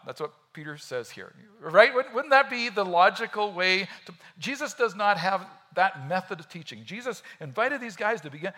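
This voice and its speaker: Animated, bright-voiced male preacher. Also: sits high. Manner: animated, conversational preaching with restarts and acted quotes. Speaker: pastor. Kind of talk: sermon.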